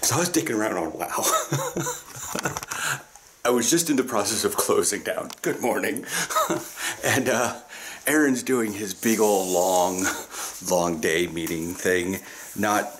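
A man's voice: fairly low pitch, very animated, takes it slowly, pauses often, background noise. A man from the US Pacific Northwest chatting casually to camera in a vlog, swearing freely and laughing often. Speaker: vlogger.

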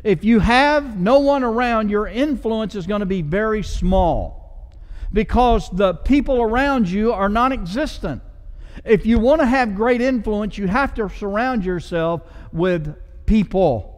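A male pastor delivers a sermon with a fairly high voice that swells with passion and then settles into casual asides. The sound rings with the long reverb of a church sanctuary. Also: animated, a little slow. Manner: passionate preaching with conversational asides.

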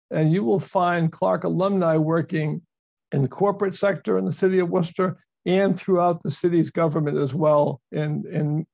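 Gravelly-voiced man presenting over video call. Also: a little high, a little mellow, no echo. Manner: explanatory, repeats words for emphasis. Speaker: university presenter. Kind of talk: virtual presentation. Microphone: video call microphone.

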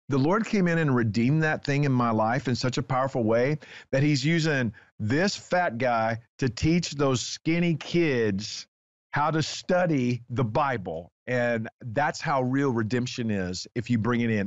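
Man, animated storyteller, mid-pitched voice, dry muffled sound. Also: unhurried, dry recording. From Texas. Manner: excitable storyteller, acts out dialogue. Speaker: guest author. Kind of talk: animated personal testimony.

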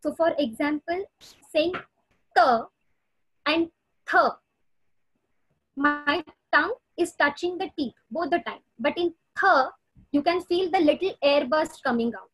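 A woman's voice: high voice, normal speed, a bit bright, no room sound, low-quality recording. A woman explaining a topic in a webinar over a video call, with frequent "uh" hesitations. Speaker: audiologist speaker.

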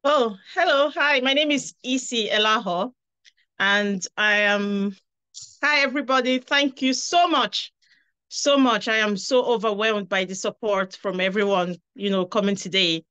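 A woman giving a heartfelt, halting tribute over a video call, drawing out her words. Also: medium pitch, sharp tone, clear, resonant tone. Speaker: guest speaker, daughter of the author. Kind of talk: emotional tribute speech.

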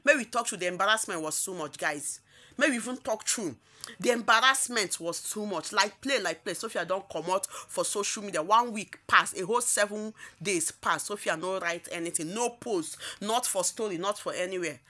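A woman's voice: medium pitch, normal speed, sharp tone. A woman with a Nigerian accent giving casual gossip commentary, emphatic and repetitive, often breaking into laughter. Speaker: celebrity gossip vlogger.

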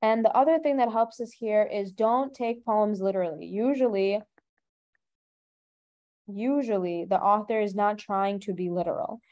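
A woman tutor gives a brisk webinar lesson in a mellow, darker voice. She explains step by step and keeps asking rhetorical questions to guide her students. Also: mid-range voice. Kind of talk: online webinar teaching.

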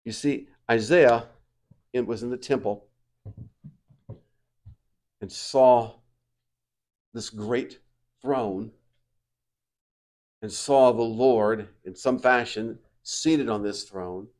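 A male pastor preaching a sermon, swinging between quiet reflective passages and loud, emphatic declarations. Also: medium pitch, extremely slow, pauses often. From United States.

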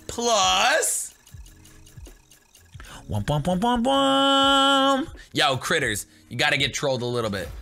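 A young man hosting a gaming video, excitable and jokey, bursting into shouts as he comments. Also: high-pitched.

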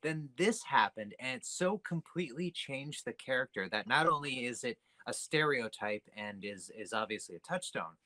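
A man's voice: medium pitch, pushed and bright, dry recording, low-quality recording. A tipsy man co-hosting a podcast, teasing his co-hosts and dropping movie trivia in casual chat. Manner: teasing, eager to drop trivia. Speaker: podcast co-host.

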